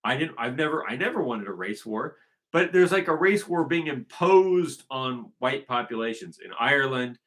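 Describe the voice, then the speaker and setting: A man's voice: mid-range voice, animated, moderate pace, fairly bright tone. A man talking in a casual unscripted monologue, rambling and emphatic, often circling back to restate his point. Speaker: vlogger.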